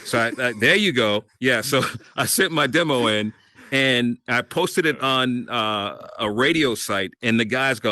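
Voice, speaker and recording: Bright-voiced man telling his story. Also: mid-range voice, normal speed, no room sound. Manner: animated storyteller, laughs often. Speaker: guest, radio host and voiceover artist. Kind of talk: casual interview storytelling.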